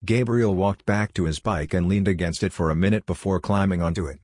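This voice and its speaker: Deep husky male narrator. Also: fairly quick, darkish tone, dry recording, studio quality. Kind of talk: audiobook narration.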